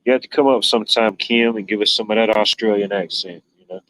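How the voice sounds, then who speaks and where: A man's voice: lowish voice, fairly even intonation, fast talker, fairly bright tone, low-quality recording. A man hosting a livestream in casual chat, rambling and joking, with "you know" sprinkled throughout. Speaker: livestream host.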